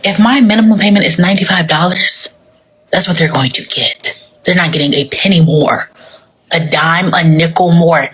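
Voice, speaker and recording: A woman's voice: fairly low pitch, fairly bright tone, husky, low-quality recording. A woman speaking bluntly and defiantly to camera, emphatic and repetitive. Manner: blunt, emphatic, repeats herself.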